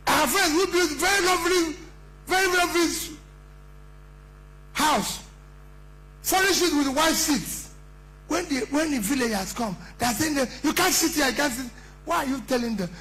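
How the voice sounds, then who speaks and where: A man's voice: extremely high pitch, pushed and bright, a little hiss or hum, rough recording. A middle-aged man with a Nigerian accent, giving an impassioned campaign speech at a conference, emphatic and full of rhetorical questions. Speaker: politician addressing a conference.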